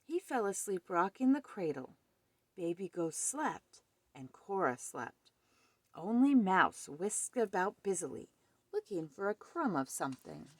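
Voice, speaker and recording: A woman reading a children's picture book aloud at home with expressive storytelling. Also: lowish voice, measured pace, dry recording.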